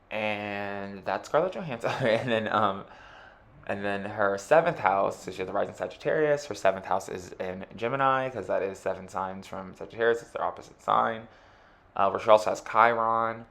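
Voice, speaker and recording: A man's voice: on the low side, gravelly, fairly bright tone. A man giving a rambling, casual astrology chart reading, full of filler words.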